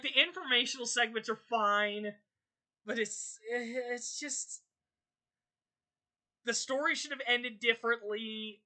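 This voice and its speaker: Young woman, bright tone, casual ranting commentary, exasperated, frequent swearing, shrill outbursts. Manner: exasperated, swearing, rants with high-pitched outbursts. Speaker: channel host.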